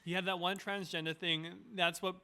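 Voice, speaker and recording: Bright, smooth-voiced man rambling. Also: high-pitched, level tone. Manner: chatty and rambling, quick asides. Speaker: guest. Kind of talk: casual podcast chat.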